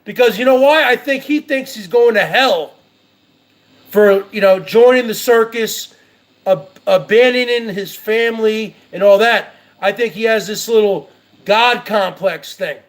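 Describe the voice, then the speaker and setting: A man's voice: high voice, a little slow. A man hosting his own show, ranting in heated, profane, repetitive commentary. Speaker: show host.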